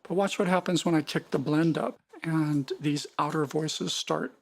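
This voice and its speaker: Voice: mid-range voice, steady tone, moderate pace, vocal fry, a little hiss or hum. A music production tutor walking through synth settings in a casual, explanatory way, often repeating words and correcting themselves mid-sentence. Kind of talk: screen-recorded software tutorial.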